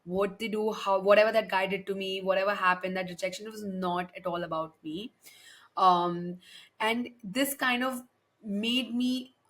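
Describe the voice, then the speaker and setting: A woman's voice: mid-range voice, steady tone, moderate pace, a bit bright. A young woman hosting a podcast, giving a frank, emphatic solo monologue with frequent swearing and restarts. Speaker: podcast host.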